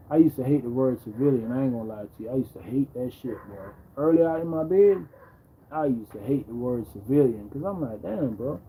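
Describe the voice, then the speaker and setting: Laid-back male livestream host, dark mellow tone, faint background hiss, keeps repeating "bro". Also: medium pitch, rough recording. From Jamaica. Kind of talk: casual livestream storytelling.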